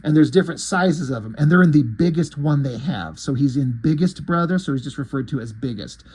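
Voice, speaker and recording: Husky, eager comic recap guy. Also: a little high, animated, fairly quick, a little mellow. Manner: enthusiastic, rambling retelling. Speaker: comic book reviewer.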